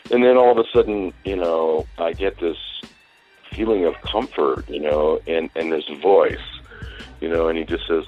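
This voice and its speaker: A man's voice: low-pitched, moderate pace, phone-quality sound, faint music behind. An older man telling a rambling story in a casual interview, livening up when he quotes conversations. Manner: rambling, animated when quoting dialogue. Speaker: music industry executive, guest.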